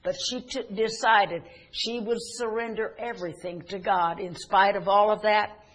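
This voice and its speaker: A man's voice: high-pitched, steady tone, normal speed, fairly bright tone. A man preaching a sermon, earnestly retelling Bible stories in quoted speech.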